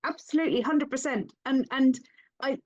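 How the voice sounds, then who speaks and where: A woman's voice: high-pitched, normal speed, darkish tone, highs cut off. A woman hosting an interview, speaking in an earnest, reflective way. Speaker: interviewer, host. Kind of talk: conversational interview.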